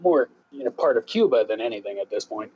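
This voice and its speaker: A man's voice: mid-range voice, expressive, fast, warm tone, breathy edge, dull audio. A man from Florida chatting casually and joking around while playing a game together. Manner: rambling, joking, playful asides. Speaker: co-host. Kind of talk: casual gameplay chat.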